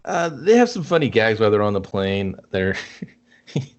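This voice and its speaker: A man co-hosts a casual movie review show, easygoing and full of slang. His voice sits on the low side but swings up and down a lot as he talks. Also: sing-song, normal speed, lo-fi sound. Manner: laid-back, slangy, calls people man and dude. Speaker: podcast co-host.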